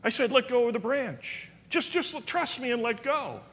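A man voicing a calm, patient God who speaks softly and reassuringly. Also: very high-pitched, moderate pace, slightly rough, pitched above the performer's own voice, heavily acted. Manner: soft-spoken, reassuring. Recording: reverberant hall.

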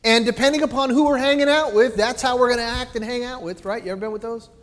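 A man delivers a sermon in a church with a high, animated voice. He swings between loud, emphatic phrases and soft, low asides, and his words trail off into the long echo of the hall. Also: fast talker. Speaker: preacher.

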